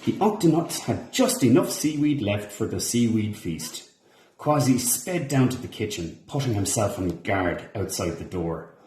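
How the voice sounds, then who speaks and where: A man reading a children's storybook aloud, expressive and animated. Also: fairly low pitch, moderate pace, reverberant, slight background noise. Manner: expressive, animated character voices. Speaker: storybook reader. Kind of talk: children's read-along narration.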